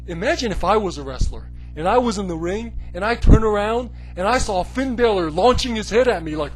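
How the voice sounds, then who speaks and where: Brief: male commentary host, sarcastic, animated, very lively intonation. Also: high voice, fairly quick, husky, faint music behind, low-quality recording. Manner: animated, sarcastic, full of "you know, like". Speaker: wrestling commentary video host. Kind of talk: comedic rant.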